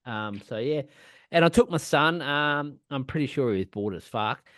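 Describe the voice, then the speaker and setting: A man's voice: medium pitch, expressive, normal speed, a bit bright, no room sound. An Australian man in his forties, co-hosting a podcast in a loose, sweary, rambling chat with lots of laughing. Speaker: podcast co-host. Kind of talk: casual chat.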